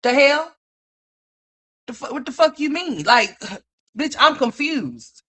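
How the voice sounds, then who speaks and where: A woman commentator ranting with incredulous, profane, rapid-fire talk full of restarts. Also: high voice, very animated, fairly bright tone.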